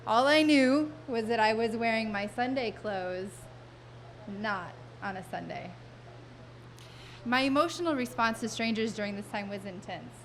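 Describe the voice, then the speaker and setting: A woman with a slightly high voice tells a comic personal story live on stage. Her delivery is wry and self-mocking, full of vivid detail and well-timed pauses, with a faint hum of room noise behind her. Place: live stage event before an audience.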